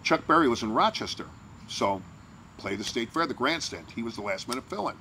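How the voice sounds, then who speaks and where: Radio DJ guest, gravelly and bright, lively storyteller who acts out quotes. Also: male voice, medium pitch, fairly quick, slight background noise. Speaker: radio morning DJ. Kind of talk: telling a backstage anecdote.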